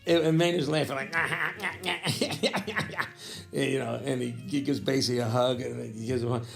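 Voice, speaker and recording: A man in his fifties, a jazz saxophonist, telling a story in a rambling, animated way, with restarts and frequent throat-clearing. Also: mid-range voice, fast talker, over music. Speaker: jazz saxophonist recounting a memory. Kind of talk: casual spoken storytelling.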